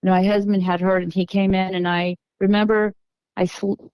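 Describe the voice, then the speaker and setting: A middle-aged woman from Texas, a podcast guest, recounting a personal story in an unhurried, halting way with frequent restarts. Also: medium pitch, little pitch movement, a little mellow, clean tone, dry recording, rough recording.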